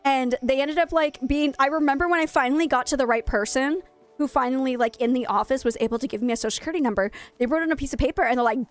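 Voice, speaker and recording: A woman's voice: high-pitched, fast talker. A young woman streamer chatting casually while gaming, telling a rambling, self-mocking story.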